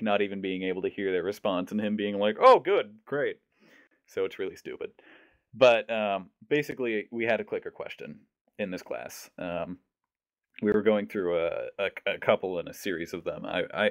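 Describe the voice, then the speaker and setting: Young guy on a podcast telling a story, lowish voice, acts out all the people, dry close sound. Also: dry recording. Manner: animated storyteller, mimics voices. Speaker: podcast host. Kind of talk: casual storytelling.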